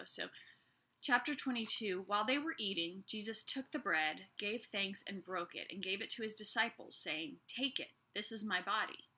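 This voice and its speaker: A woman giving a casual Bible lesson, reading scripture aloud and chatting about it with lively asides. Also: medium pitch. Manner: chatty and animated, with many fillers and asides. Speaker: Bible teacher.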